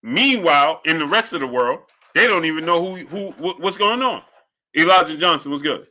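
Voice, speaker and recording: A man's voice: on the high side, animated, normal speed, sharp tone. A man hosting a live-stream boxing show, talking emphatically, repeating his points and greeting chat viewers by name. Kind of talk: live-stream sports commentary.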